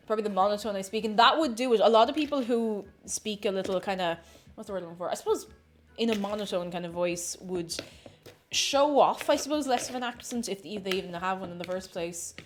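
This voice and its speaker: An Irish woman streaming while she bakes. She chats casually in her home kitchen, reads out viewers' messages and greets each one excitedly. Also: medium pitch, a little fast, slight background noise. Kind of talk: casual livestream chat while baking.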